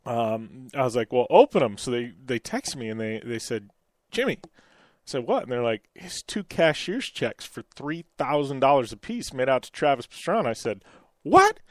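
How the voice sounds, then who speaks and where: A man's voice: mid-range voice, sing-song, moderate pace, dry recording, clean studio sound. A middle-aged man hosting a radio show, telling a story in a rambling way with many fillers and restarts. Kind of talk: casual radio chat and storytelling.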